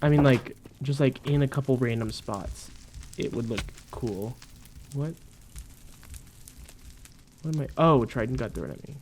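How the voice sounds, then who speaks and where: A man's voice: medium pitch, measured pace, pauses often, background noise. Exasperated young man ranting over a game. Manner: exasperated rambling, often bursting into loud indignant yelling; repeats phrases, talks to viewers. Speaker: gamer, channel host. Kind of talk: let's play commentary.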